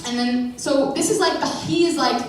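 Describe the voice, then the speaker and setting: A young woman delivers an informal church message as a youth speaker, chatty and playful, with plenty of fillers and quick self-corrections. She sounds some distance from the mic in a big hall with a long, booming echo and slight background noise.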